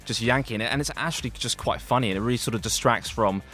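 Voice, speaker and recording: A man's voice: medium pitch, fast talker, a bit bright. A young man giving a radio film review, rambling with lots of fillers and restarts. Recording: radio studio with faint music.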